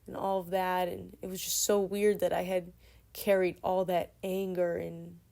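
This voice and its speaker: A woman in her twenties telling a personal story casually, in a meandering, soft-spoken way. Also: lowish voice, level tone, moderate pace, gravelly.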